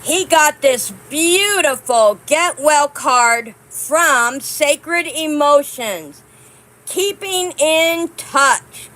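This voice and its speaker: A woman hosting a casual vlog, chatting with her viewers and reading cards aloud in a warm, drawn-out way. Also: high-pitched, expressive, rough recording. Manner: warm, reads cards aloud slowly, chatty asides to "guys". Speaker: channel host.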